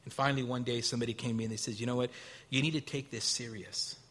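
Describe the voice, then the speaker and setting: A male pastor preaching a sermon, telling stories with acted-out quotes, rising to loud, high bursts and dropping to quiet, low stretches. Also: fairly even intonation, very fast. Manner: storytelling with acted quotes and a casual, folksy delivery.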